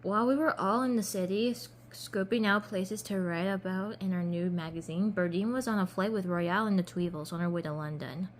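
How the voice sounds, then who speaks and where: A woman's voice: medium pitch, brisk, few pauses, slight background noise. A young woman reads a children's storybook aloud, casual and unpolished. She trips over words now and then and picks the line up again. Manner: casual, slips and restarts, laughs at herself. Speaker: doll collector reading a storybook. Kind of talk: reading a children's book aloud.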